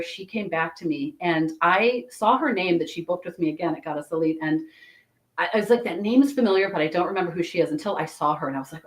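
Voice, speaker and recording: A woman who gives Akashic Records readings tells a story in casual conversation. Her voice sits a little low, and she speaks loosely, with frequent restarts. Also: poor audio. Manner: chatty, animated storytelling with many restarts. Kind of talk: casual storytelling in a podcast chat.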